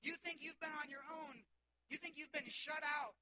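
A man's voice: very high voice, fairly even intonation, moderate pace, a crowd in the background, voice pushed up. A man preaching and voicing a compassionate adult male savior who speaks with emphatic, repeated reassurance. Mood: tender.

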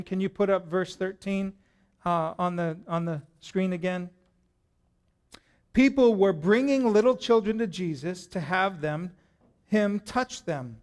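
High-voiced male preacher. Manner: lively, jokey, addresses the congregation directly. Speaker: pastor. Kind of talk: sermon. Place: church hall with a congregation.

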